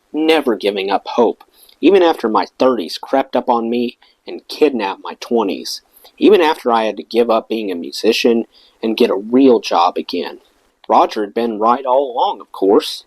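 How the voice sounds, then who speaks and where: A man reading a rock memoir aloud in an expressive storytelling manner. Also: lowish voice, no echo, poor audio. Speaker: audiobook reader.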